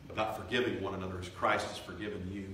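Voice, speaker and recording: A man preaching a revival sermon, swelling loud and slow for emphasis, then dropping to quiet, confiding tones. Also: sits low, steady tone, slight background noise. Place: church sanctuary. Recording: echoey church from far off.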